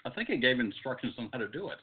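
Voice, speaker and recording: Deadpan man from Texas, tinny line. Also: medium pitch, very fast, breathy edge. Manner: dry, deadpan, dark humor. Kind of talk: casual chat. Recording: tinny phone-like audio.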